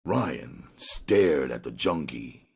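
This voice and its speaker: Guy reading a crime audiobook, lively up and down delivery, gravelly. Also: a bass voice, drawn-out words. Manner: expressive storytelling. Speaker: audiobook narrator. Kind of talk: audiobook narration.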